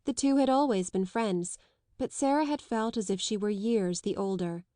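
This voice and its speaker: Female narrator for a classic novel, even and measured, dry close recording. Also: medium pitch, no echo. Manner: measured, even literary reading. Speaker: audiobook narrator.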